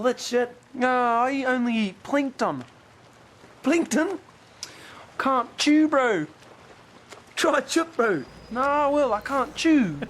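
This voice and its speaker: A drawling beached whale. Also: male voice, very high voice, a little hiss or hum, heavily acted. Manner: drawling, repeats "bro". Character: stranded male whale, slow and laid-back. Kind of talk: cartoon voice acting.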